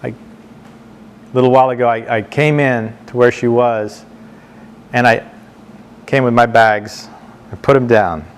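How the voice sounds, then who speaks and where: A man speaking to a board meeting, telling anecdotes in a halting way, repeating words and slowing down for emphasis. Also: mid-range voice, fairly even intonation, clear, resonant tone. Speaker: board member addressing the board. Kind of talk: storytelling speech to a meeting. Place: meeting room, speaking standing before a group.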